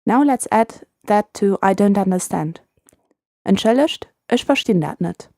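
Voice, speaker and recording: A woman with a mellow, warm tone hosts a scripted language lesson. She speaks clearly and patiently and repeats phrases slowly so learners can follow. Her voice is recorded dry and close, with no room sound. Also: mid-range voice, animated, no echo.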